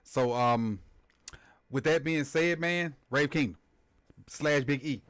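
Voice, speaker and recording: A man's voice: medium pitch, slow, long pauses, a bit bright, no room sound. A man hosting a livestream in a playful, loose, repetitive casual chat at a desk microphone. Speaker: livestream host.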